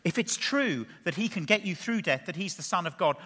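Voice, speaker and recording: A man preaching an expository sermon in a church hall. He is lively, asks the audience questions and drops playful asides. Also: high voice, brisk, breathy edge. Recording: long reverb of a large hall.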